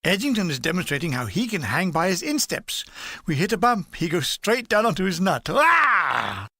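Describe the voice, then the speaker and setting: A woman's voice: on the low side, lively intonation, fairly quick, a bit bright, dry recording. An older woman reading a comic war memoir aloud, with dry comic timing. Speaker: reader.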